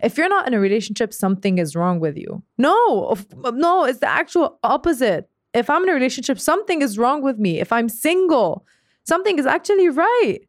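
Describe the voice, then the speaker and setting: A young woman giving a blunt, profane relationship rant to the camera, animated and laughing often. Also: sits high, a little fast, no room sound, studio quality. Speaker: vlogger.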